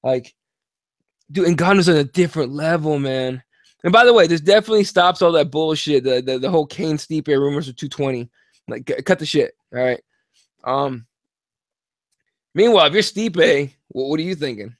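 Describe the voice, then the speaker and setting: A man's voice: a little high, moderate pace, dry recording, studio quality. Profane, tired man on a podcast. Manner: profane, animated, rambling. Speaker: podcast co-host. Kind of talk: casual sports chat.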